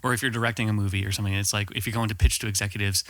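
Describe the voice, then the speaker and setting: Bright-voiced man chatting on a podcast. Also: on the low side, flat delivery, rapid-fire, no echo. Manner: chatty, storytelling, frequent "like" and "um". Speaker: filmmaker guest. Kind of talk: casual podcast chat.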